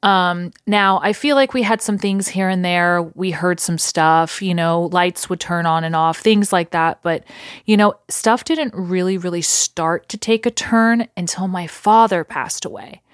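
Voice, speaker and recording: A woman's voice: fairly low pitch, a little slow, clean tone, dry recording, studio quality. A woman hosting a podcast, casually telling a ghost story in a rambling way with lots of fillers and restarts. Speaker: podcast host.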